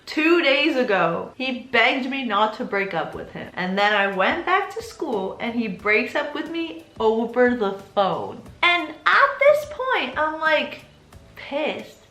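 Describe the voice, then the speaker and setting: A woman's voice: high voice, sing-song, slow pace, pushed and bright. A woman in her twenties chatting casually as she tells a personal story to camera, talking animatedly and using a lot of filler words. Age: 20s. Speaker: vlogger. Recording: roomy echo.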